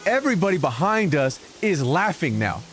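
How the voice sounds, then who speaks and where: Male game streamer, lively swooping delivery, slightly high voice, game music underneath. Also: moderate pace. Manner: animated, exaggerated storytelling with repetition for effect. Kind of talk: casual storytelling while gaming.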